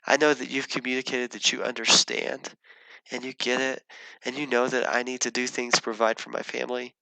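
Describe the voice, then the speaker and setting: A man's voice: mid-range voice, level tone, fairly quick, creaky, pushed and bright, no echo, rough recording. A man, a pastor, earnestly telling a personal story in his sermon, often restarting his sentences.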